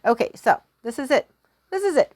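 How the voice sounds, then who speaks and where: A woman's voice: sits high, sing-song, a little fast, darkish tone, no echo. A woman, a teacher retelling a folktale in a casual, giggly, self-deprecating way while she draws. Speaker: language teacher. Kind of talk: casual storytelling lesson.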